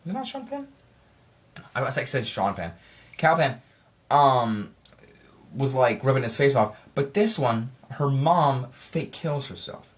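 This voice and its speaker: Brief: excitable male film reviewer, casual and rambling, mid-range pitch. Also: measured pace, long pauses. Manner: rambling, excitable, self-correcting.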